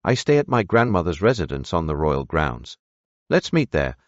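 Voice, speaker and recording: A man voicing a lonely, earnest young prince in an audiobook, speaking softly and hesitantly. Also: very deep voice, sing-song, moderate pace, no echo, highs cut off. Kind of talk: audiobook character voice.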